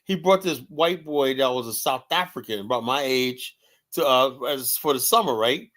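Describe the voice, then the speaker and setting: A man's voice: medium pitch, normal speed, fairly bright tone. Man telling stories casually. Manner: storytelling, repeats "right?" often. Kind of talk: casual chat.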